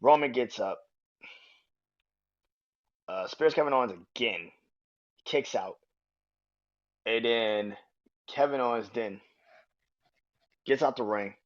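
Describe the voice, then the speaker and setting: Male podcast host, casual and profane, animated delivery, lo-fi audio. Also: medium pitch, slow, long pauses. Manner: animated, profane, acts out quotes in raised voices. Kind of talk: casual match review. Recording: dull lo-fi audio.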